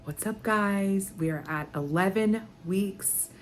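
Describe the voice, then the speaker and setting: A woman's voice: medium pitch, takes it slowly, slight background noise. A young woman vlogging in a candid, chatty way, talking straight to her viewers and rambling a little with fillers. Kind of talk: casual chat.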